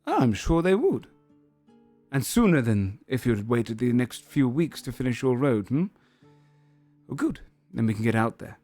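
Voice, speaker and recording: A man voicing a regal, composed lion-folk woman who works as a treasurer, speaking in a calm, measured and politely cutting way. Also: medium pitch, dry recording, soft background music. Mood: cool.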